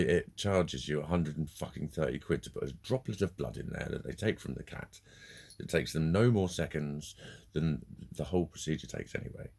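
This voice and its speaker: A man with a very low, gravelly, husky voice rants about his day in a sweary, heated monologue. He tells it as casual storytelling and laughs in bursts along the way. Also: darkish tone. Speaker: vlogger.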